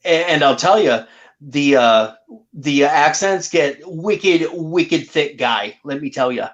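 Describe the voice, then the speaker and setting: A man's voice: on the high side, lively intonation, takes it slowly. A man co-hosting a podcast, chatting casually and rambling with asides. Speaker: podcast co-host. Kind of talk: casual chat. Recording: muffled lo-fi audio.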